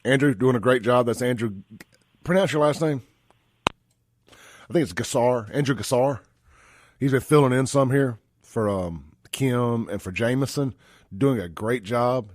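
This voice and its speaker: A man's voice: mid-range voice, darkish tone, dry recording, studio quality. A man from Mississippi hosting a talk radio show, blunt and folksy, calling listeners brother. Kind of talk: conservative talk radio commentary.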